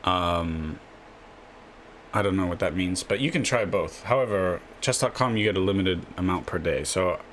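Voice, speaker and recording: Brief: low-pitched male chess host, offhand and rambling, slight hiss in the background. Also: animated, normal speed, a bit bright. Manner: rambling, tags lines with a questioning "yeah?". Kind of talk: casual screen-share explainer.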